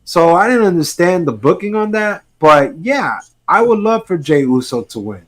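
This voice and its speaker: A man's voice: sits high, animated, moderate pace. A man co-hosting a casual wrestling podcast, giving blunt, heated, profane opinions. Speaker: podcast co-host.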